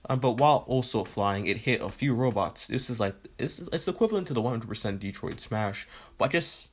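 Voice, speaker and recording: A man's voice: medium pitch, lively intonation, brisk. A man casually retelling a fan story, rambling and leaning on fillers like "right?" and "you know", with the odd swear.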